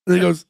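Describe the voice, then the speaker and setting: A man co-hosting a podcast, retelling sitcom scenes in casual chat, full of "like" fillers and quick laughs. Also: darkish tone, no echo, clean studio sound. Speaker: podcast co-host.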